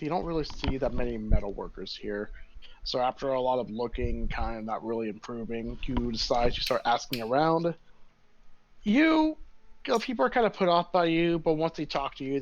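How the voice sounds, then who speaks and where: A man's voice: medium pitch, lo-fi sound, slight background noise. A man narrating a tabletop game as game master in a casual, rambling way.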